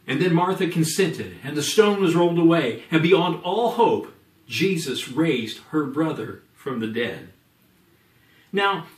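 A man with a slightly higher voice delivers an earnest sermon, slowing his words for emphasis. He sounds set back from the microphone in a roomy, echoing church. The delivery is steady pastoral preaching. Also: recorded from a distance. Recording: echoey room from off the mic.

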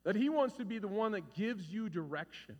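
A man in his forties preaching a sermon as a pastor, animated and conversational, acting out stories with shouts. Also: sits high, fairly quick, muffled recording. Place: church hall. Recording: reverberant hall.

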